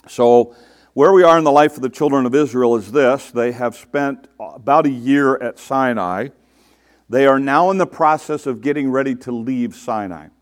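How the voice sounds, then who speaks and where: A man preaching a sermon, reading scripture aloud and stopping often to explain it, acting out the quoted complaints with exasperation. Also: medium pitch. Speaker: pastor.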